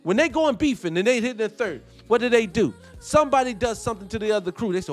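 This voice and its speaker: A man's voice: very high-pitched, lively intonation, fast talker, few pauses, faint music behind. A man hosting a commentary show, ranting in a heated, profane, preaching way. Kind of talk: live-stream commentary with viewer shout-outs.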